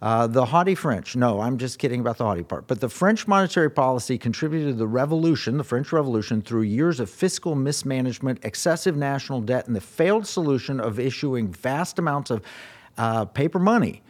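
A man's voice: mid-range voice, lively intonation, a little fast. A man hosting a radio talk show, chatting casually and reading quoted passages aloud with asides.

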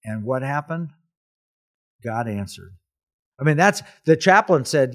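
A man's voice: medium pitch, animated, measured pace, long pauses, fairly bright tone. A man hosting a talk show, telling a wartime story in an earnest, emphatic way with repeated phrases. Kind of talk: casual history talk.

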